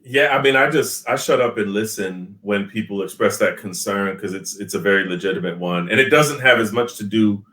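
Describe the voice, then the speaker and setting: A man, a physician guest on a live panel, talking in a measured, reflective way and telling stories. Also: fairly low pitch, fairly bright tone. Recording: roomy, distant mic.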